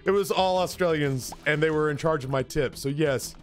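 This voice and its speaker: A man's voice: on the high side, normal speed, faint music behind. A man streaming, telling a drinking story in a rambling, profane, casual way that keeps interrupting itself.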